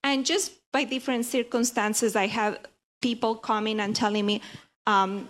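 A woman sharing a heartfelt personal faith testimony in a church group, earnest and halting, with frequent restarts. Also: on the high side, fairly even intonation.

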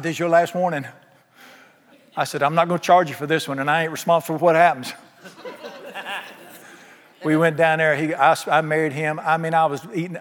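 A man preaching a sermon, telling folksy stories and acting out the dialogue himself. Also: on the high side. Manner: folksy storytelling, acts out quoted dialogue. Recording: long hall reverb.

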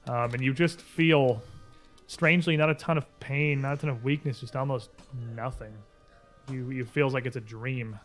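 A man runs a tabletop game as game master, switching between rules calls and vivid scene narration. His voice sits at an ordinary middle pitch. Faint music plays underneath. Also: fairly even intonation, moderate pace. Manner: descriptive, rules talk mixed with scene narration.

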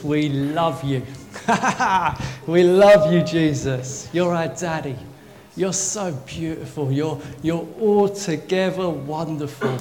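A man preaching a sermon in a church, swinging from jokey banter to soft, intimate prayer. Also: fairly high pitch. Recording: long hall reverb, faint ambience.

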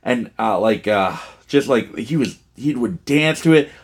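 Man, podcast co-host, loose excitable chat, heavy on fillers. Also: medium pitch, unhurried, slightly rough. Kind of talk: casual movie review chat.

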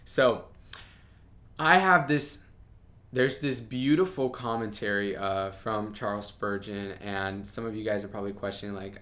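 A man's voice: fairly low pitch, measured pace, fairly bright tone. A young man, a Bible study podcaster, talking about faith in a casual, passionate and bold way, full of "like" fillers. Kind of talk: casual devotional podcast talk.

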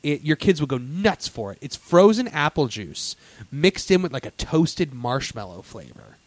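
A man's voice: on the high side, big pitch swings, normal speed, dry recording. A man hosting a casual theme-park chat, telling stories eagerly with many fillers and restarts. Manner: enthusiastic storyteller, lots of fillers and restarts.

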